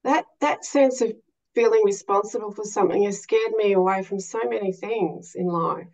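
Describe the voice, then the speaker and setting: A woman's voice: mid-range voice, moderate pace, a little mellow. A woman speaking emotionally and openly in a casual group discussion, swearing now and then. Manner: emotional, swears, laughs often. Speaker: study group member. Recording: dull lo-fi sound.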